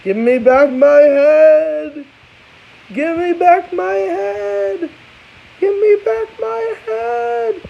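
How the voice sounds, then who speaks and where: A man voicing a headless male ghost who roams the woods, shouting slowly and drawn out. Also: very high-pitched, vocal fry, voice pushed up, heavily acted. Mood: wailing. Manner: slow wailing shouts. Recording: dull hissy home recording.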